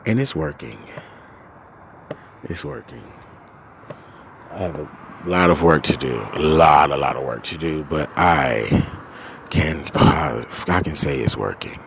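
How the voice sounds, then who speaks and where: A man hosting a podcast, ranting angrily and profanely, swinging from low muttering to loud outbursts. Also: animated, slow pace, gravelly, long pauses, slight background noise. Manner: profane, venting, swings between muttering and shouting. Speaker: podcast host. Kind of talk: angry solo podcast rant.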